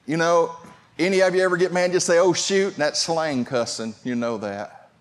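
Man preaching a lively sermon. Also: on the high side, moderate pace. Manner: conversational preaching with audience call-outs. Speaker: pastor.

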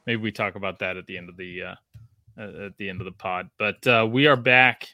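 A man from Australia chats casually as a podcast host, his voice bright and forward. He rambles with many fillers and restarts. The sound is dry and close, with no room around him. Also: on the low side, brisk, dry recording. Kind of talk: casual chat.

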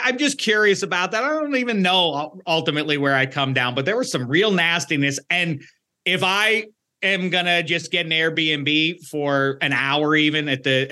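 A man hosting a sports talk show, chatting casually with animated asides and quick self-corrections. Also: a little high. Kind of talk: casual sports podcast chat.

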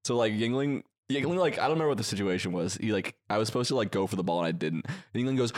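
A man's voice: mid-range voice, very animated, quick pace, hardly any pauses. A man co-hosting a podcast in casual chat, telling stories and acting out his friends' lines. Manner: storytelling, acts out friends' lines. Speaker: podcast co-host.

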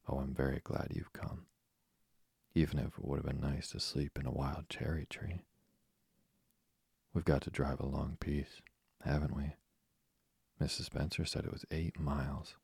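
A man's voice: rumbling low, creaky, darkish tone, slightly rough, dry recording, studio quality, heavily acted. A man voicing a chatty, imaginative orphan girl who rambles eagerly in a storybook reading.

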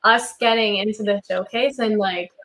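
A woman's voice: medium pitch, normal speed. Laid-back young woman, casual interview. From Canada. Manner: relaxed, heavy use of "like". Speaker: guest, country music singer.

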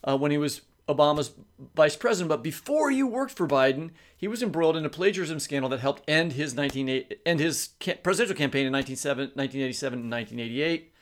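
A man's voice: fairly high pitch, lively intonation, fast talker. A man co-hosting an interview podcast, asking long questions and joking with his guests. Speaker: podcast co-host. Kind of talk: conversational interview.

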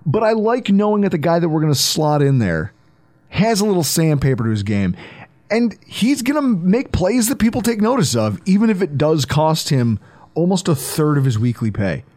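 A man's voice: fairly high pitch, big pitch swings, normal speed, darkish tone. A man hosting a casual sports podcast, joking, riffing and laughing as he talks. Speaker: podcast host.

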